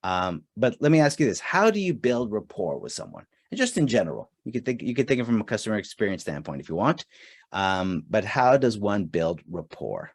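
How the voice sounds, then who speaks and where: This webinar trainer from Canada has a fairly low voice with big pitch swings and talks a little fast, with no echo. He's leading a live online customer service session, speaking casually, reading chat responses aloud, and using lots of fillers.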